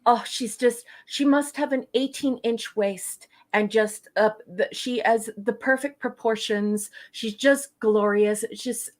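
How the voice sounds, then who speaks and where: A woman's voice: on the high side, measured pace, hardly any pauses. Gushing, rambling woman reviewer. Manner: gushing, rambling with many fillers. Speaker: co-host reviewing a TV episode. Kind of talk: casual podcast chat.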